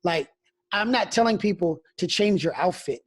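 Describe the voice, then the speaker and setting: A man's voice: high voice, lively intonation, moderate pace. A man who is a pastor, speaking frankly in an interview and telling stories, often restarting his phrases. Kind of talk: candid conversational interview.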